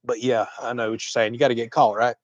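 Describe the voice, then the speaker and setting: A man's voice: medium pitch, level tone, quick pace, no room sound, muffled recording. Easygoing Southern man on a livestream. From Florida. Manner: chatty, drawling, laughs often. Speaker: livestream host. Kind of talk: casual livestream chat reading comments.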